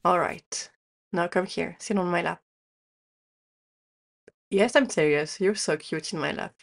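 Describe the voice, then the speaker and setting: Slow, soft-spoken woman in audio role-play. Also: lowish voice, vocal fry. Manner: slow, soft and doting, speaking to the listener.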